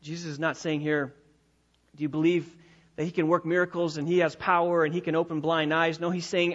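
A pastor delivering a sermon in a church, emphatic and repeating key phrases, slowing down to stress his points. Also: on the high side, little pitch movement, a bit bright. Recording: dull lo-fi recording.

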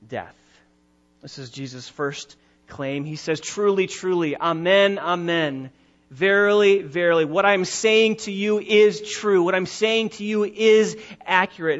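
A man's voice: high-pitched, a bit bright, lo-fi sound. A man preaching a sermon as pastor, emphatic, drawing out and stressing his key phrases. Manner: emphatic preaching, slowing and rising on key words.

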